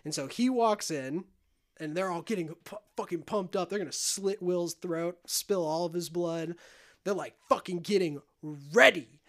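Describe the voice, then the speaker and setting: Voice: mid-range voice, moderate pace. A podcast co-host casually retelling a film plot, swearing freely and acting out the characters. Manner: rambling, profane, acts out every character.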